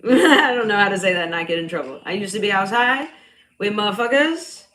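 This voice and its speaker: A young cycle coach with a slight Bronx New York accent chats casually on a livestream, loud and a bit nasal, blunt, swearing freely and laughing often. Her voice is mid-range, animated and fairly quick. The recording is rough.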